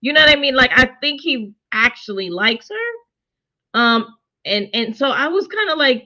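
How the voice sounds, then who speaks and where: Chatty woman with a bright, dull-sounding voice. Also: high voice, measured pace. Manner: conversational, animated, quotes characters in her own voice. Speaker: show co-host reviewing a TV series. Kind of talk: casual review chat.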